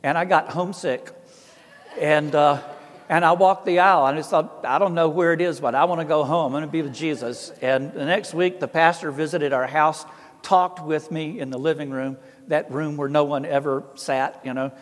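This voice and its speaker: Here an Orthodox priest, a middle-aged Southerner with an Appalachian accent, spins folksy stories at his own expense, voicing the people he quotes. His pitch is a little high, his intonation fairly even, and his pace normal. Long hall reverb colors the audio.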